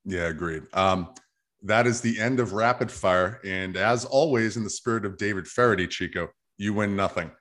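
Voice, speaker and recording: A man hosts a casual podcast, joking and a little profane. He leads the segments in a relaxed, offhand way. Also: fairly low pitch, normal speed. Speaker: podcast host.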